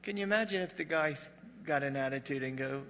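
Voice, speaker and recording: A man preaching a sermon with a slightly high, sharp and forceful voice. He tells the story like a joking, conversational storyteller and sinks to a hush at dramatic moments. The long reverb of a big hall trails after his words. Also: brisk, a little hiss or hum. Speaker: pastor.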